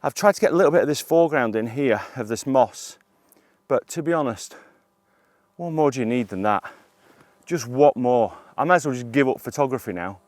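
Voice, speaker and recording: A man's voice: mid-range voice, brisk, dry recording. Man vlogging outdoors, bursting with awe. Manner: excitable, breathless bursts of awe. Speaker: landscape photographer. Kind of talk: outdoor vlog narration. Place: outdoors on a hillside.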